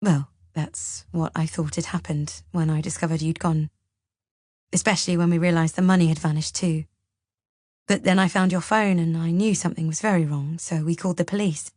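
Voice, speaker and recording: A woman voicing a worried young husband who talks softly and pleadingly. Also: low-pitched, fairly even intonation, normal speed, no room sound, clean studio sound.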